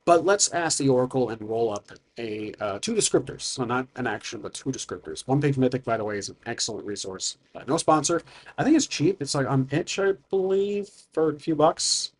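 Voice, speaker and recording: A man's voice: mid-range voice, fairly quick. A man casually talking through a solo tabletop game, rambling with fillers and tangents.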